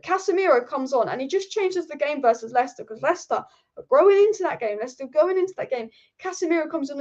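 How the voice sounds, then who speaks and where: A woman with a high voice hosts a live football stream. She talks with animated energy, reads viewer comments aloud and swears now and then. The audio is slightly dull and lo-fi. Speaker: football channel host.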